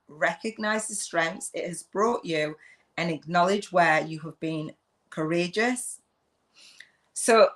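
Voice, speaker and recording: Hosting a live video chat, this middle-aged English woman from the UK works as a spiritual business coach. She's loud and effusive, laughing often, and her voice sits on the low side.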